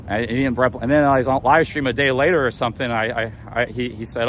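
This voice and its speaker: A man's voice: medium pitch, fairly even intonation, quick pace, few pauses, slight background noise. Agitated man stammering in his defense. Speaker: livestreamer. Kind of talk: live walk-and-talk stream. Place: outdoors on city streets.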